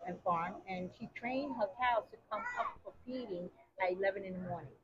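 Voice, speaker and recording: A woman working as a farm attendant, giving visitors a quick, chatty and informative explanation outdoors. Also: medium pitch, animated, noisy background. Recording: dull outdoor recording with crowd behind.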